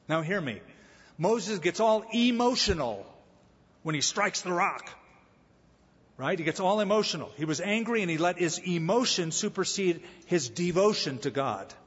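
Male pastor, fairly high voice with a husky edge, storytelling sermon delivery, church reverb. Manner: storytelling preacher with humor. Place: church sanctuary. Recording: echoey hall, slightly dull sound.

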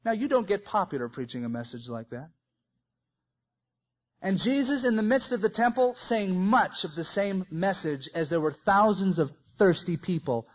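A man preaching a sermon, swinging between loud emphasis and soft, quiet phrases. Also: sits high, very animated, moderate pace, lo-fi sound. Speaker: pastor.

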